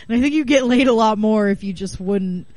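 A woman's voice: on the high side, normal speed, a little hiss or hum. A woman comedian chatting on a radio show, acting out both sides of her anecdotes and laughing often. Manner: animated storyteller who acts out both sides of the dialogue. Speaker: comedian guest. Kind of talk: casual radio chat.

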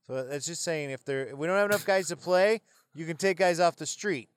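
Guy cohosting a comedy podcast, kinda high voice, dry close mic, jokey. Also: brisk, no echo. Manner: jokey, reads old rules aloud. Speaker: podcast co-host. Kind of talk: casual comedic chat.

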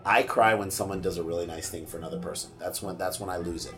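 Low-voiced middle-aged man telling a story. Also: fast talker. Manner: animated, swears freely, acts out quotes. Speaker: podcast guest. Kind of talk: casual storytelling.

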